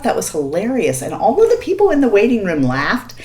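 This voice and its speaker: A woman's voice: mid-range voice, huge pitch swings, brisk, few pauses, darkish tone. A woman vlogger telling a story in casual chat, laughing often and checking in with the viewer.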